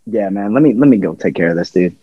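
A man co-hosting a podcast, chatting casually with sarcastic, deadpan jokes and swearing. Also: lowish voice, quick pace, slightly rough, lo-fi sound. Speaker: podcast co-host. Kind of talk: casual chat.

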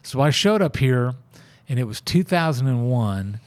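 A man with a drawl tells a Bible story the way he'd chat on a porch, folksy and easygoing. He slips into the voices of the people he quotes. His pitch sits in a plain middle range. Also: animated, moderate pace. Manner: folksy, conversational, acts out quoted lines. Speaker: church member sharing his faith story. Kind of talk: casual testimony and Bible storytelling.

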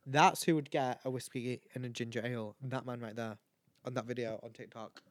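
A man's voice: medium pitch, steady tone, a little fast. A tired, tipsy man rambling and swearing as he hosts his own chat show. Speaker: podcast host. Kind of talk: casual solo chat.

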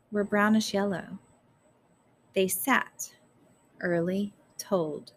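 A woman narrating a story aloud in a measured, careful storytelling manner. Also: mid-range voice, fairly bright tone. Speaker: audiobook narrator. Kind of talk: scripted narration.

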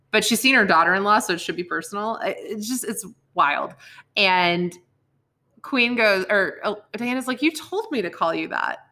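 A woman's voice: fairly low pitch, pushed and bright. A young woman casually recapping a TV drama episode, rambling with many fillers and self-corrections. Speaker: podcast co-host.

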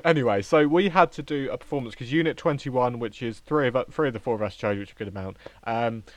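A man's voice: mid-range voice, fast, dry recording. A young man co-hosting a podcast, chatting in a rambling way about his drama course. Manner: chatty, rambling with restarts and giggles. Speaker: podcast co-host, drama student. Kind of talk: casual chat.

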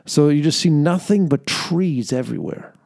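A man's voice: on the high side, lively intonation, normal speed, creaky, a little mellow. A young man hosting a podcast, telling an earnest faith-based story with fillers and laughter. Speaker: podcast host. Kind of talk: faith-based reflective monologue.

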